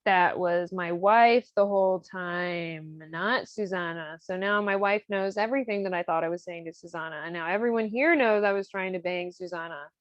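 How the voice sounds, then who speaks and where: A woman's voice: lowish voice, normal speed, hardly any pauses, no echo, natural voice. A bitter, philandering nobleman, put on by a woman who talks bluntly and without mercy. The voice stays close to her own. The sound is dry and a bit dull. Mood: dismayed. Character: spiteful philandering male nobleman.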